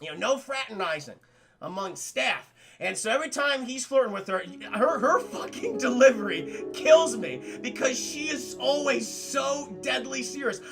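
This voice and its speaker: A young man streaming a rambling film review to his chat, with a very high voice that has a gravelly edge. He talks loosely, swears freely and breaks into laughter, with a bright, sharp tone. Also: animated, moderate pace, faint music behind. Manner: rambling, profane, addresses chat often, laughs a lot. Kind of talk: casual spoiler review chat.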